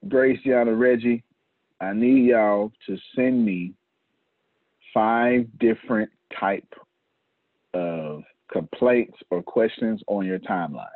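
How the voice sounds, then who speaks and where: A man with a lowish, husky voice leads a casual business meeting, laughing and repeating himself as he hands out tasks. The sound is dry and thin, like a phone or conference line. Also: slow, no room sound, phone-quality sound. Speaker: host leading a team meeting.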